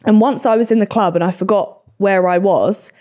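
A woman's voice: medium pitch, moderate pace. A young woman in her twenties hosting a casual podcast chat, telling stories with lots of swearing and acted-out quotes. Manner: animated, swearing, acts out quotes. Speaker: podcast host.

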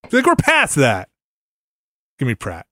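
A man's voice: mid-range voice, wildly swooping pitch, unhurried, sharp tone, no echo, studio quality. A man hosting a podcast in casual chat, laughing often and trailing off into mumbles. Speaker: podcast host.

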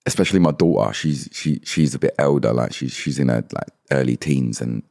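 A man's voice: very deep voice, brisk, darkish tone. A man in his late thirties, a guest musician chatting casually on a podcast, laid-back and hesitant, with frequent restarts. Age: late 30s.

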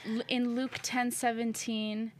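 A woman co-hosting a faith podcast, talking in an earnest, animated way about prayer and her own struggles. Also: a little high, slight background noise. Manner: animated, earnest, quick to rebuke and laugh. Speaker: podcast co-host. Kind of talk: faith-based casual chat.

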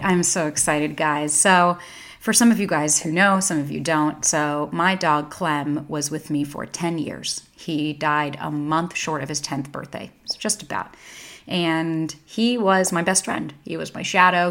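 Low-pitched with a fairly bright tone, this solo podcast host, a woman in her thirties, talks openly and casually, cursing freely as she gets emotional.

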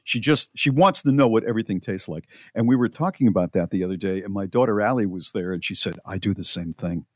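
A man's voice: on the low side, quick pace, few pauses, no echo, studio quality. A middle-aged man hosting a radio show, reading items aloud in casual banter and reacting with mock disgust.

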